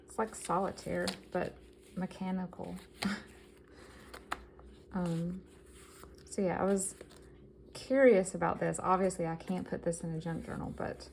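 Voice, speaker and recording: Gravelly low-voiced woman showing thrift finds. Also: background noise. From American South. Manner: chatty and enthusiastic, reading items aloud. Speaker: vintage collector vlogger. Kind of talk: casual show-and-tell haul.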